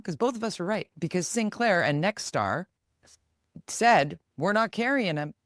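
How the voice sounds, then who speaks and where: A woman's voice: fairly low pitch, no echo, clean studio sound. Chatty Canadian woman co-host. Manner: animated, quick to act out quoted voices. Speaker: podcast co-host. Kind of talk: casual chat.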